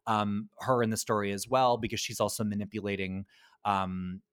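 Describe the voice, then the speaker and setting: A man co-hosting a podcast in casual chat, chatty and animated, laughing often and filling pauses with um and uh. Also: fairly low pitch, clean tone. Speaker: podcast co-host.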